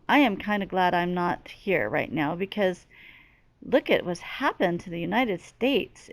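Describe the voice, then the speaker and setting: A woman's voice: mid-range voice, no room sound. A middle-aged woman speaking as a medium in a channeling monologue, earnest and emphatic, with lots of repetition. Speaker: spiritual medium.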